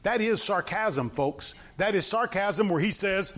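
High-voiced man preaching a casual sermon. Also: lively intonation, fairly bright tone, a little hiss or hum. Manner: emphatic, repeats points, quick asides to the congregation. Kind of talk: conversational sermon with scripture reading.

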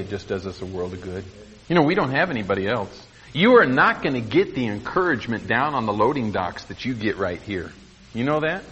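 A middle-aged man preaching a sermon in a folksy, earnest way, laughing softly at his own asides. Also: medium pitch, slight background noise. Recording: muffled echoey church recording.

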